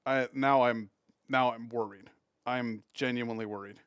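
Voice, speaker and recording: A man from Massachusetts, USA, streams a game and chats casually with viewers, reading and answering chat while often stammering and restarting his sentences. His mid-range voice has fairly even intonation, normal speed and a slightly bright, smooth quality. The sound is clean studio quality with no echo.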